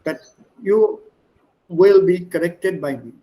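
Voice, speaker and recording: A man's voice: sits high, takes it slowly, dark tone, low-quality recording. A man teaching an online class over a video call, repeating and spelling words and coaxing his students to speak. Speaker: language teacher.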